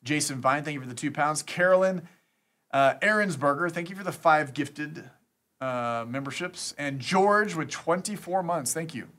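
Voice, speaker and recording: A man's voice: on the high side, moderate pace, fairly bright tone. A man hosting a live stream, chatting casually and reading out thanks to supporters. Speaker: streamer scambaiting host.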